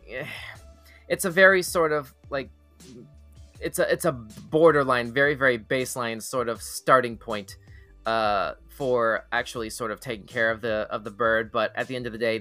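A show host with a medium-pitched, pushed and bright voice runs a live weird-news program in casual chat style. He reads articles aloud and rambles through his thoughts with many fillers and restarts.

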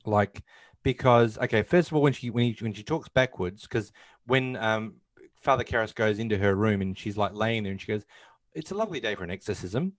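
Male podcast co-host, low register, dry close sound, chatty retelling with fillers. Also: fairly even intonation, moderate pace, no echo. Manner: retells scenes, acting out lines, many fillers. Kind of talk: casual film discussion.

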